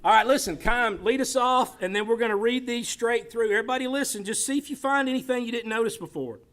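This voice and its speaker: A man's voice: very high-pitched, fast talker, fairly bright tone. A man leading a church Bible class in a chatty, joking way. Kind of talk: casual church class talk.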